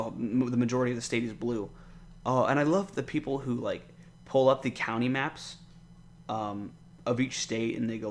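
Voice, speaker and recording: Young male podcaster, casual and profane, rambles through an exasperated solo monologue. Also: mid-range voice. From United States. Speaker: podcast host.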